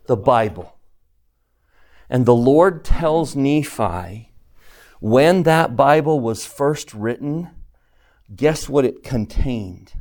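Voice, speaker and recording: Guy giving a scripture lesson, talks slow, keeps quizzing the class and repeating himself. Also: mid-range voice, lively intonation, a little mellow. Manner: asks the class questions, repeats phrases for emphasis. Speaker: religion teacher.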